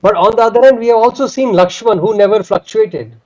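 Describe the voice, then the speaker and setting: A man retelling a devotional scripture story with animated emphasis. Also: high-pitched, fairly quick. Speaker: spiritual storyteller. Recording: dull lo-fi recording.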